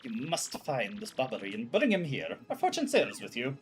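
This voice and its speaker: A man's voice: medium pitch, huge pitch swings, moderate pace. Man doing a grandiose pompous ship owner. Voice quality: grandiose, theatrical. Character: pompous flamboyant male ship owner, lovestruck.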